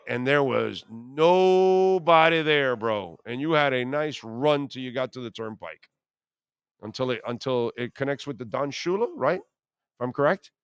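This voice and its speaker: A man's voice: medium pitch, a bit bright, smooth, no room sound, clean studio sound. A man in his fifties hosting a sports radio show, telling brash, profane stories in a casual way.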